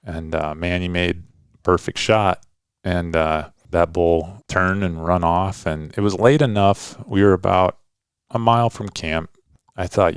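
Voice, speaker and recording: A middle-aged man hosting a podcast, telling a hunting story in a relaxed, rambling, casual way. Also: low-pitched, a little slow, smooth, dry recording, clean studio sound. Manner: relaxed storytelling, loose and rambling with frequent "kinda" and "like". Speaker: podcast host and hunting dad.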